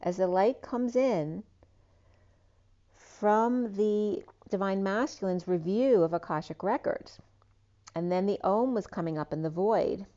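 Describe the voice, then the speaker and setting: A woman's voice: medium pitch, unhurried, warm tone, muffled recording. A woman giving a spiritual tarot reading, wandering from one association to the next with frequent ums and trailing asides. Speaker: tarot reader.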